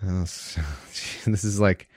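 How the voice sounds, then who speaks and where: A man's voice: low-pitched, flat delivery, slow pace, a little mellow, no echo, clean studio sound. A man reading scripture aloud, breaking off with wry, casual asides. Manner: wry asides between verses.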